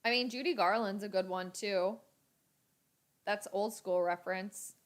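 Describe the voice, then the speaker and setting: A young adult woman hosting a casual live reaction stream, chatting with viewers, reading their comments aloud and breaking into bursts of excitement at the game. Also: medium pitch, measured pace.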